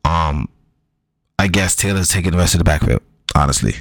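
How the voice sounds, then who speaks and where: A man's voice: sits low, fairly quick, creaky, no echo, poor audio. A man talking loosely and casually through fantasy football advice, slangy and repetitive, with frequent ums and the odd curse.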